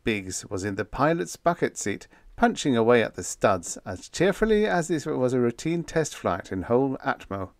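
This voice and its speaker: A man narrating a humorous story in the first person, with lively, expressive storytelling. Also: medium pitch, moderate pace, few pauses, no room sound. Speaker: audiobook narrator.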